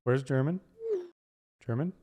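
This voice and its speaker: A man's voice: mid-range voice, measured pace, warm tone. An American man co-hosting a reaction video, joking around in casual chat. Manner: jokey, breaks into silly put-on voices.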